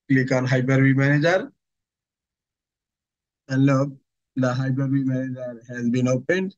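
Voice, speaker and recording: A man who works as an IT instructor narrates a step-by-step software tutorial, giving slow instructions in short phrases with pauses between them. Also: mid-range voice, dull audio.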